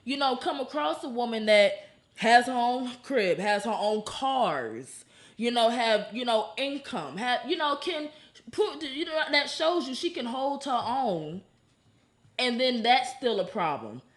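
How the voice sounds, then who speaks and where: A woman guest on a podcast in casual chat, animated and opinionated, filling her talk with "you know". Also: on the high side, unhurried.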